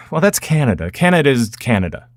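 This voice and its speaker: A man's voice: medium pitch, very animated, brisk, dry recording, studio quality. A man from Minnesota hosting a gaming podcast, chatting casually, laughing often and reading listener emails aloud. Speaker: podcast host.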